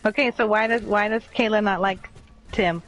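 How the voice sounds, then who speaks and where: A woman's voice: medium pitch, normal speed, crowd noise. A woman and mother with a Boston accent, chatting casually, blunt and full of swearing. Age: adult, mother of children. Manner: blunt, swears often, rambling. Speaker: chat participant. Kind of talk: casual chat. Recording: noisy home mic with clicks.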